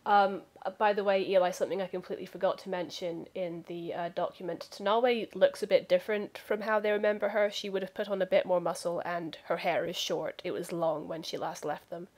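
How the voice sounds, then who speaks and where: A woman's voice: fairly low pitch, steady tone, brisk, few pauses. A woman playing a tabletop role-playing game over a voice call, stammering and hesitant as she speaks for her character. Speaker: player. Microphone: computer mic on a voice call.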